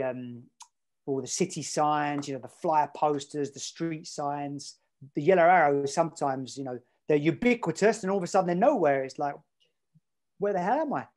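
A man's voice: fairly high pitch, normal speed, a little mellow. An English man, a podcast guest, telling a story in a rambling, chatty way with lots of fillers. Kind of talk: casual storytelling.

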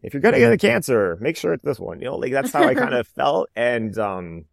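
A man in his thirties, an interview guest, telling his story in a lively conversational way. He acts out the dialogue and uses "like" a lot. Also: mid-range voice, fairly quick, vocal fry, no echo, studio quality. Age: 30s. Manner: animated, reenacts dialogue, frequent "like" fillers. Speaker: interview guest, cancer survivor.

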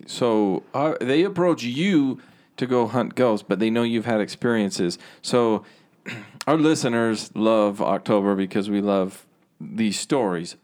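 A man's voice: mid-range voice, darkish tone. Loose, joking man co-hosting. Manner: loose, joking, slightly slurred. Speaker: podcast co-host. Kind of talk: casual chat.

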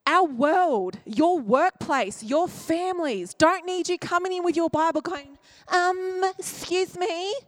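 Woman pastor, high voice, emotive sermon delivery, dry close sound. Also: unhurried, few pauses, dry recording. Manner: emotive, acts out quoted voices, drops to near-whisper at tender points.

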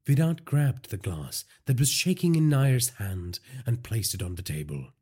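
A man narrating a crime audiobook in a measured, dramatic storytelling manner. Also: mid-range voice, sing-song, darkish tone, slightly rough.

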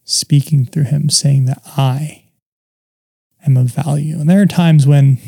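A man tells his own story in a quiet conversation, earnest and reflective. His voice is dark and mellow with a gravelly edge, and his speech is halting, full of pauses and fillers. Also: a little high, fairly even intonation. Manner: earnest and open about painful memories. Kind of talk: personal testimony in conversation.

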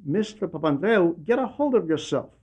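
A man's voice: on the high side, measured pace, lo-fi sound, natural voice. A man voicing a humble elderly monk who firmly admonishes and reassures. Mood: scolding. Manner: firm, admonishing. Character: humble elderly male monk, gently scolding.

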